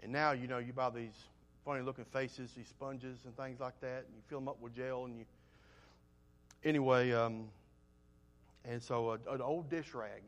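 A man preaching a sermon, telling homespun stories in a folksy way and swinging between loud emphasis and soft asides. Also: medium pitch, fairly even intonation, moderate pace, pauses often.

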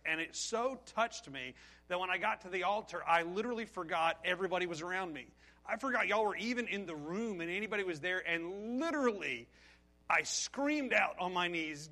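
Bright-voiced pastor. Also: male voice, high-pitched, a little fast. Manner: conversational, addresses the congregation directly. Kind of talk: sermon.

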